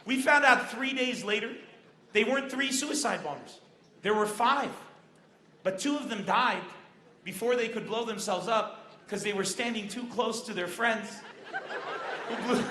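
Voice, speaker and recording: Casting: a high, bright-voiced Lebanese comic, brash and animated, performing on an echoing outdoor stage. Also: male voice, a little slow, pauses often, a little hiss or hum. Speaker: stand-up comedian. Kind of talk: stand-up comedy set. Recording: echoey open-air stage with crowd.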